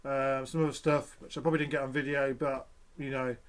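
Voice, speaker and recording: A man's voice: mid-range voice, little pitch movement, a little fast. A young man, chatting casually to camera as a vlogger, rambling and swearing often.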